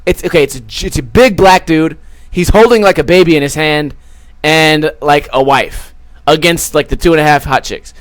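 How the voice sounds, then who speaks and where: On his podcast, a high-voiced young man spins a meandering, foul-mouthed tale, cursing constantly and briefly imitating each character he quotes. It's casual storytelling, recorded close and dry without any room echo.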